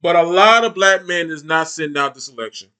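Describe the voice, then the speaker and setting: A man's voice: on the high side, fairly quick, bright, forceful tone, smooth. A man hosting a reaction channel, giving heated, mocking commentary with lots of repetition.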